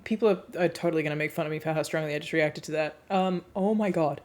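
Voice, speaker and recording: A woman's voice: sits low, quick pace, darkish tone. A woman streamer reacting live on her stream, blunt and emotional, swearing freely.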